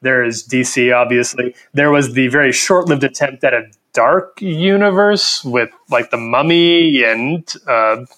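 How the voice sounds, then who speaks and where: A man's voice: mid-range voice, a little slow, few pauses, a bit bright. A man hosting a casual podcast discussion, steering the talk and putting questions to his co-hosts. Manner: leads discussion, asks guests questions. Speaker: podcast host.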